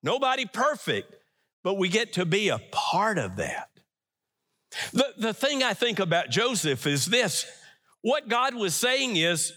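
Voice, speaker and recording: A man's voice: sits high, very animated, measured pace. Emphatic preacher man in a reverberant hall. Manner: emphatic, dramatic swings between loud and hushed. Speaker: pastor. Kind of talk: sermon.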